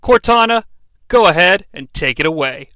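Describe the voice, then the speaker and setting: Man, comedy recap host, wry asides, bright, tense tone. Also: on the high side, lively intonation, moderate pace, no room sound. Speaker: podcast host recapping wrestling.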